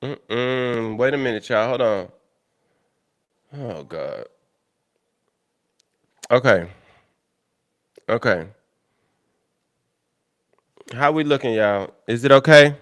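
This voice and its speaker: In an expressive, medium-pitched voice, a young man hosting a stream speaks slowly, leaving long pauses. He chats casually with his audience, exasperated and profane, loudly cursing at his tech issues.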